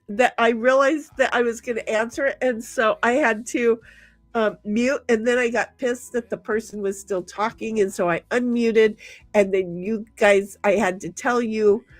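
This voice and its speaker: A woman's voice: on the high side, fairly bright tone, no room sound. A woman hosting a casual game stream, chatting and reading viewers' messages aloud, laughing often. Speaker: stream host.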